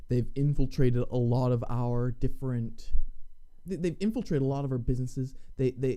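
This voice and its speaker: A man's voice: medium pitch, dark tone. A man co-hosting a political podcast, speaking in a heated, emphatic way and repeating words as he builds his point. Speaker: podcast co-host. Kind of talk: casual political commentary.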